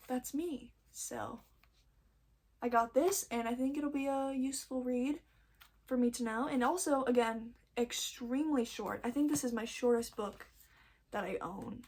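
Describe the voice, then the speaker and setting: A young woman with a slightly raised pitch talks through her book haul in a loose, rambling way. She sounds a little nervous and often trails off or loses her thought before she picks it back up. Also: a little mellow. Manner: rambling, chatty, self-interrupting; nervous first-time vlogger. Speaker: book vlogger. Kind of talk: casual book haul chat.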